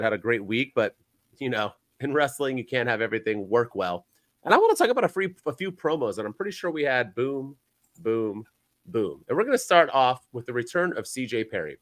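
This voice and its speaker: A man co-hosts a casual wrestling podcast, his pitch swinging widely as he rambles through exasperated recaps. The sound is dry and close, with no room around it. He talks in an everyday, mid-height voice. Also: no room sound. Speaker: podcast co-host.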